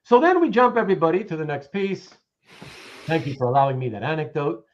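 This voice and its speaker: A man's voice: fairly high pitch, a little fast. A man hosting a show, telling an anecdote in casual chat and acting out both sides of the conversation. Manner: animated storyteller, acts out both sides of a conversation. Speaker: show host. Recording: dull lo-fi sound.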